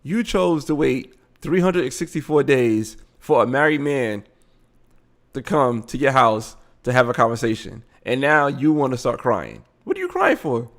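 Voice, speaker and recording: A man's voice: mid-range voice, a little slow. A man hosting a live show, giving blunt, casual commentary on a video he is watching. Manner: animated, blunt, frequent laughing asides.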